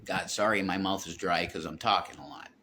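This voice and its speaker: A man's voice: sits low, brisk, heavy background noise. A man rambling and swearing as he walks around his house, vlogging into his phone. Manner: rambling, repeats himself, swears a lot. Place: home, walking around with a phone.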